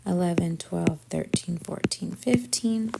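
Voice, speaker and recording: A woman teacher working through division word problems step by step, thinking aloud and often dropping to a soft near-whisper. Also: lowish voice, a little slow, gravelly, heavy background noise. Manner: thinks aloud step by step, often softly under her breath. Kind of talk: math lesson walkthrough.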